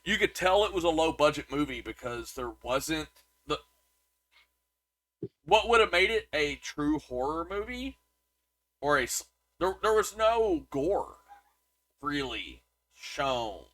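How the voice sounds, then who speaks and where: Bright-voiced man rambling through a review. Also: on the high side, big pitch swings, slow, pauses often, no room sound. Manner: rambling, restarts, reads reviews aloud. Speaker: podcast co-host. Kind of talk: casual chat reviewing a movie.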